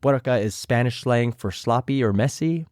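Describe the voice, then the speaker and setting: A man's voice: moderate pace, darkish tone, dry recording, studio quality. A young man hosting a podcast, casually recapping a reality show and sometimes imitating the people he quotes. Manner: chatty, mimics others in a higher voice.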